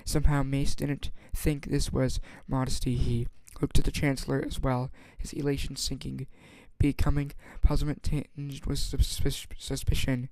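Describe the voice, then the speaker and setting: An amateur audiobook reader reads a novel aloud in a halting manner, often stumbling and restarting words. His medium-pitched voice has a flat delivery and darkish tone, with no echo.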